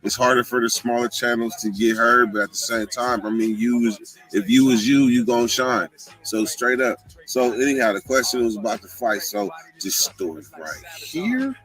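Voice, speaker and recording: A man tells a prison story in a casual vlog, full of profanity and voicing other people in a high pitch. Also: animated, moderate pace, a bit bright, rough recording. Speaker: vlogger, former prisoner.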